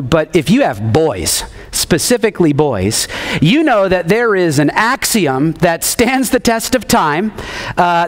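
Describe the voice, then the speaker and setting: Male pastor, 30s, lively sermon storyteller who repeats refrains and calls on the room, somewhat high-pitched.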